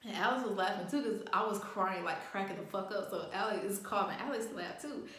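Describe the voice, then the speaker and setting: A woman's voice: mid-range voice, brisk. Young woman vlogger, loose and profane, telling a storytime; very echoey room. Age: young adult. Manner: animated, profane, acts out quotes. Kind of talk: casual storytime chat.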